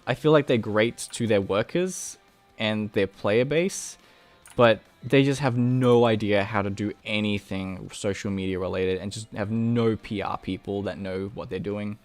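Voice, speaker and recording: A young Australian man chats casually on a livestream while he animates, rambling with lots of fillers and restarts. His voice is fairly low and unhurried, with soft music in the background.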